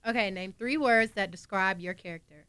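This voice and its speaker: A woman's voice: medium pitch, fairly quick, a bit bright, smooth, no room sound. A woman guest on a casual podcast, easygoing and mildly amused as she reads game questions.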